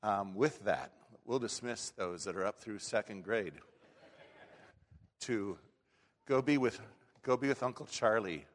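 A man's voice: lowish voice, unhurried, pauses often. A man preaching a sermon as a pastor in a church, talking in a folksy, conversational way with frequent restarts. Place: church sanctuary. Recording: long hall reverb.

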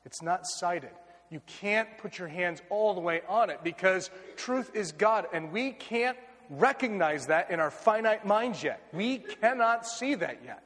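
A man's voice: sits high, animated, measured pace, fairly bright tone, in a large hall. An American man preaching a sermon, earnest and repeating key phrases for emphasis. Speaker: pastor.

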